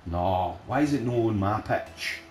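A man swearing and shouting at opponents while playing a game with a friend. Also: fairly low pitch, expressive, a little slow. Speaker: gamer recording his play. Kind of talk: casual gaming chat with a friend. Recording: roomy sound with faint noise.

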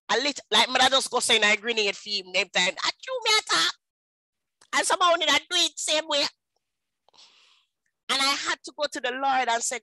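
A woman in her thirties with a Jamaican accent, telling her personal testimony in an animated storytelling way and slipping into patois. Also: high-pitched, a little fast, no room sound, rough recording. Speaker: speaker at a women's ministry.

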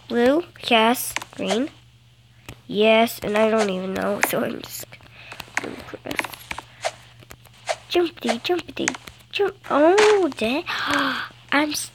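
A woman's voice: on the high side, slow pace, long pauses, background noise. A girl chatting playfully through a phone game, gasping and breaking into bits of song. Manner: playful and chatty, gasps and sings in bursts. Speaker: gameplay vlogger. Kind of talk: casual game commentary. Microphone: phone screen recorder.

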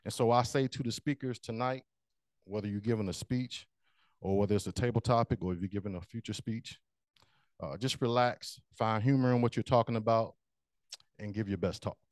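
A man's voice: on the low side, fairly even intonation, a little fast, a little mellow, dry recording. A man giving a short, humorous storytelling speech as joke master at a speaking club meeting.

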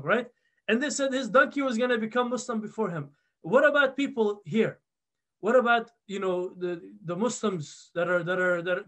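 A man preaching a conversational sermon, telling a story with lively repeated words and asides. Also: high voice. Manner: animated storytelling, acts out quoted voices.

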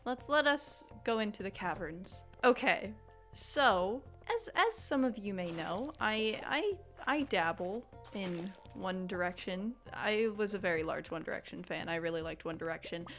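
A young woman giving casual, excitable let's-play commentary, dramatic and prone to shrieking outbursts. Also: mid-range voice, moderate pace, soft background music. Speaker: gaming YouTuber.

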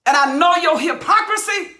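A woman preaching on a Bible passage with a high, bright voice that rings in a roomy, echoey space. She hollers and drives her points home by repeating phrases. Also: lively intonation, moderate pace. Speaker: Bible teacher. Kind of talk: impassioned verse-by-verse preaching. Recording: roomy echo.

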